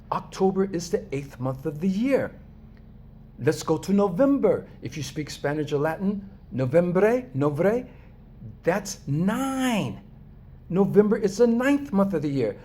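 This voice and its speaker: An American man from Los Angeles speaking in a casual, animated monologue to his viewers, emphatic and chuckling often. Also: high voice, slight background noise. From Los Angeles, USA. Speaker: vlogger.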